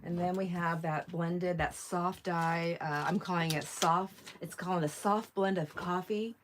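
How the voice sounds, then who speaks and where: A woman's voice: lowish voice, steady tone, unhurried, background noise. A woman hosting a live online sale, chatting casually and rambling as she reads viewer comments aloud. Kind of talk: casual live-stream sales chat.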